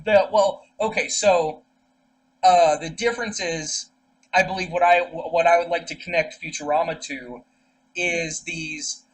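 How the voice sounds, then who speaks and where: A man's voice: on the high side, steady tone, measured pace, rough recording. A young man co-hosting a podcast in casual chat, rambling through stories with many fillers and restarts. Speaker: podcast co-host.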